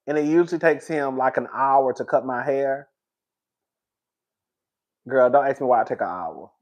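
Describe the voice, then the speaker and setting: A man's voice: medium pitch, moderate pace, lo-fi sound. A man hosting a casual live stream, chatting in a dramatic, slangy way and laughing often. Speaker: livestream host.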